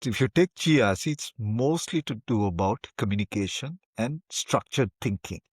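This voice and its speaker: A man's voice: fairly low pitch, animated, normal speed, breathy edge, no room sound, studio quality. A man hosting an interview podcast, speaking emphatically and often repeating the first word of a sentence. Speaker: podcast host. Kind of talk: interview conversation.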